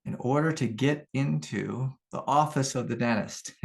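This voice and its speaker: A middle-aged man giving a calm, unhurried spiritual teaching talk as a meditation teacher, repeating his key phrases. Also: mid-range voice, gravelly.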